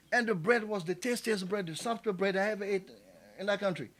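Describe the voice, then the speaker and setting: A man from Ivory Coast delivers an impassioned tribute speech at a community event in a small cafe event space, building to emphatic, repeated calls. His voice sits high and sounds brisk and a bit bright.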